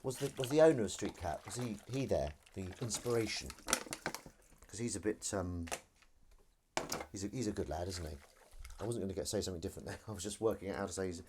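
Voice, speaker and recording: A man's voice: low-pitched, fast talker, pauses often, background noise. A man hosting a casual live stream from his kitchen while washing up, chatty and self-deprecating as he reads out viewer comments. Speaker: livestream host.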